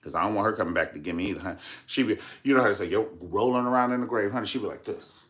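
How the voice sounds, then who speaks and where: A man's voice: on the low side, racing, fairly bright tone. A man hosting a casual celebrity gossip vlog, sassy, dramatic and profane, calling his viewers "honey" again and again. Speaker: vlogger host.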